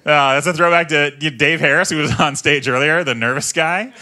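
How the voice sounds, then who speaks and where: A man, doing a stand-up comedy set on a club stage with self-mocking, animated delivery. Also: fairly high pitch, normal speed. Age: 30s.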